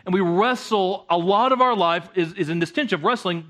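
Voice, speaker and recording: A man preaching a conversational sermon, often halting and repeating words as he goes. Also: high-pitched, a bit bright. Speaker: guest preacher.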